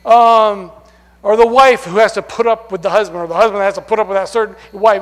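A man preaching a sermon, emphatic, swinging from loud stresses down to hushed words. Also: sits high, fairly even intonation, brisk. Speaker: pastor. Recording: long hall reverb.

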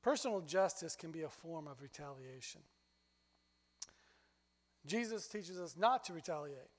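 A man preaching a sermon as pastor, telling stories in an animated way that climbs high when he gets excited. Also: moderate pace, long reverb tail.

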